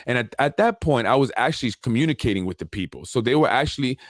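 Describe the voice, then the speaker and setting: A man hosting a talk show, telling a story in a casual, animated way with street slang and repeated points. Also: mid-range voice, fast, dry recording, studio quality. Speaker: show host.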